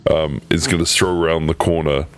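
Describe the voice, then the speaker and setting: A man taking his turn as a player in a casual tabletop game, relaxed and laid-back. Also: very deep voice, a little fast.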